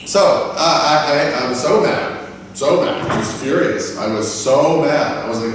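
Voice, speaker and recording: This business English teacher keeps a measured pace against slight background noise, his voice sounding far off in an echoey room. Telling customer service stories from his own experience, he plays both customers and staff with lively flair, raising his voice for the staff lines.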